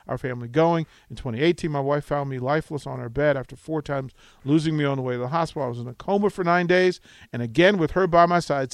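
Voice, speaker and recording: Animated male sports radio host. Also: a little high, clear, resonant tone, no echo. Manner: animated storytelling, acts out quotes.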